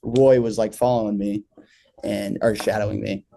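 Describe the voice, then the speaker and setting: A man's voice: on the low side, level tone, moderate pace, gravelly, dark tone. A man talking as a podcast guest about selling insurance in a laid-back, easygoing casual chat.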